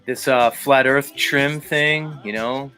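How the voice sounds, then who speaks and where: A man's voice: medium pitch, fairly even intonation, slow, sharp tone, clear, resonant tone, soft background music. A man hosting a livestream, chatting casually and crudely as he greets viewers and reads their comments. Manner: crude, joking, rambling. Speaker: livestream host.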